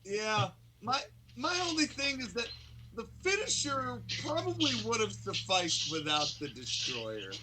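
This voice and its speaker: A man's voice: sits high, very animated, noisy background. A man co-hosting a wrestling review podcast in casual, joking banter. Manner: joking, teasing, quick asides. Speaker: wrestling show co-host.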